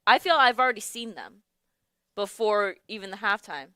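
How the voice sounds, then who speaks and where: A young adult woman hosts a casual radio talk show from a studio, often laughing and searching for words. Her mid-range voice is animated, bright, forceful, clear, and resonant at a normal speed. The studio mic captures it with no room sound.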